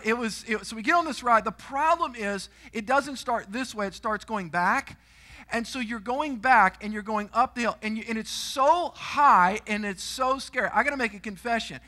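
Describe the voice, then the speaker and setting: A middle-aged man preaching a sermon in a church, telling stories with animated energy and sudden shouts. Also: high voice. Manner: storytelling, animated, shouts and screams for effect. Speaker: guest preacher. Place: church auditorium.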